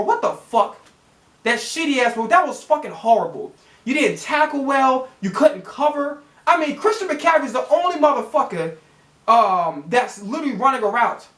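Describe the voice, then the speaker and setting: A man's voice: extremely high pitch, a bit bright, echoey room. A man hosting a sports reaction channel, swearing constantly in a heated, rambling fan rant.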